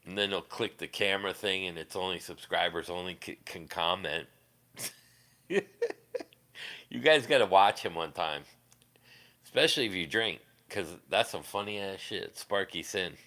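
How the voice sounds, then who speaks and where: Bright-voiced man rambling on a live stream. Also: low-pitched. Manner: rambling and crude, quick laughs, many restarts. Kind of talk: casual live-stream chat, answering viewers.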